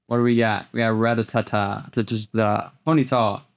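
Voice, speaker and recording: A man hosting a card pack opening, talking casually as he flips through cards, often repeating words and jumping into excited highs. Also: moderate pace, vocal fry. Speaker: host opening trading card packs. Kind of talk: casual unboxing commentary.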